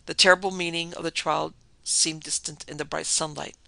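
A podcast narrator reading a classic horror tale in dramatic, measured scripted narration. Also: mid-range voice, fairly even intonation, vocal fry, pushed and bright, no room sound.

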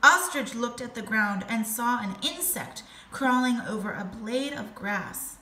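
A woman teacher reading a storybook aloud to her class, slow and expressive. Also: on the high side. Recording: echoey room with faint noise.

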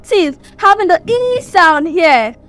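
A woman's voice: very high-pitched, sing-song, slow pace, fairly bright tone, faint music behind. A woman with a Nigerian accent teaching an English exam prep lesson, saying each word several times as a drill.

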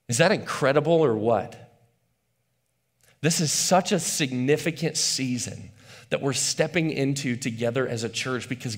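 A male pastor preaching a sermon to his church in a casual, animated way, often restarting and repeating words. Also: medium pitch. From not from West Michigan. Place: church auditorium.

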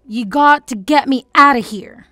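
Casting: a woman playing a begging teen daughter, high and bright, dry close sound, soft music under. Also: measured pace, no echo. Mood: pleading. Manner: pleading, tearful. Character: desperate teenage girl begging her mother.

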